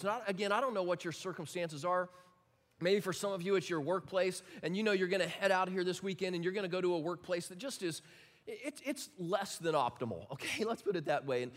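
A man preaching a sermon as pastor, animated and emphatic, swinging from shouted lines to hushed ones and often repeating himself. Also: sits high, long reverb tail. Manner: repeats words and restarts often.

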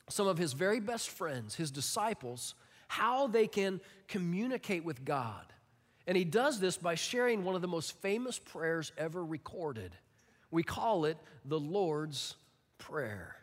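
Guy pastor in his 40s, high voice, lively sermon, big echoey church hall. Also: a little slow. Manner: animated, emphatic storytelling with acted-out quotes. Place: church auditorium. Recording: long reverb of a large hall.

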